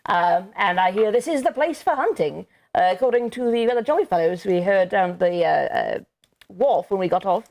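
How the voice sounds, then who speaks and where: A woman voicing a foppish upper-class young English gentleman in a tabletop role-play, with a put-on, unsteady upper-class English accent and old-fashioned slang. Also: mid-range voice, lively intonation, moderate pace, gravelly. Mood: breezy.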